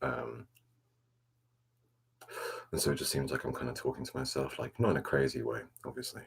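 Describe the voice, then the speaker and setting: A very deep, gravelly man chatting softly on an ASMR live stream. He rambles in a laid-back, self-mocking way, answering the chat. His voice is husky. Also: animated, moderate pace. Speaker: ASMR livestream host.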